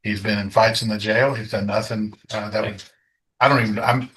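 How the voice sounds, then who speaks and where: A male prosecutor addressing the court. His low voice is bright and bright-edged yet flat, and he argues firmly and plainly. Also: a little fast, poor audio. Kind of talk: arguing in court.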